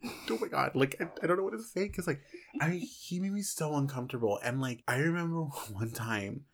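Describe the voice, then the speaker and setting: A person in their twenties in casual chat, expressive and blunt, with loud reactions and swearing. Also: medium pitch, a little fast, slight background noise.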